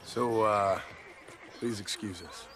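An actor playing a stern, threatening gunslinger in a western game who speaks with a dry edge. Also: male voice, fairly low pitch, takes it slowly, fairly bright tone, a little hiss or hum. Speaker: game character. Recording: game audio with outdoor ambience.

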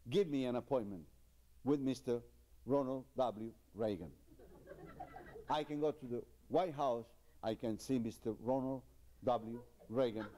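A comedian telling a string of jokes in a lively, storytelling way, chuckling at his own punchlines. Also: medium pitch. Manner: animated, repetitive storytelling with chuckles. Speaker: stand-up comedian. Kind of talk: joke telling.

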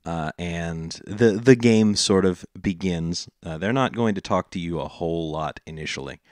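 A man running a tabletop game as game master, narrating with many pauses and restarts. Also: deep voice, a little mellow, dry recording, clean studio sound. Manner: hesitant, lots of uh and restarts, laughs often.

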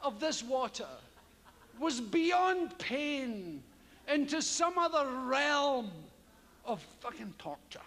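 A Scottish man doing stand-up, telling a profane story in an animated way and acting out yells and strange noises himself. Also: very high-pitched, slow pace, long reverb tail. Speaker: stand-up comedian. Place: theatre stage before a live audience.

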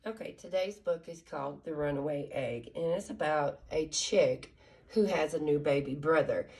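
A woman's voice: deep voice, moderate pace, darkish tone, slightly rough. A woman reading a children's picture book aloud in a careful, teacher-like way. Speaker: story reader for children.

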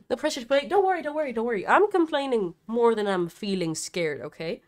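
A woman's voice: on the high side, animated, fairly quick, few pauses, a little mellow. A woman streamer giving live gameplay commentary, nervous and chatty, swearing a lot and talking back at the characters on screen. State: nervous and scared.

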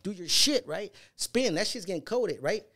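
A man's voice: sits high, expressive, moderate pace, bright, forceful tone. A middle-aged man telling stories as a guest, swearing often and acting out the voices of people he quotes. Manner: profane, acts out quoted voices. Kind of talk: casual storytelling.

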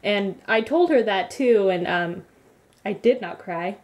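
A young woman, a beauty vlogger, recaps her day in a casual vlog, her medium-pitched voice moving a little slowly. She rambles through an animated story and giggles often.

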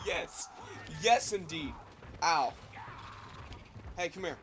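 Excitable young man yelling over gameplay. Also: high voice, moderate pace, long pauses, a little hiss or hum. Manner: excitable, yelling and laughing at the game. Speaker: let's play gamer. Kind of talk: gameplay commentary.

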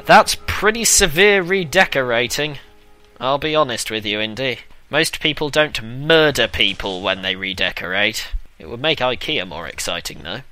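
A young man jokes and swears his way through a video game, his voice strikingly bright. Faint game music plays behind him. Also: lowish voice, lively intonation, moderate pace. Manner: sarcastic, swears, hums tunes. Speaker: let's play commentator. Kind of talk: casual gameplay commentary.

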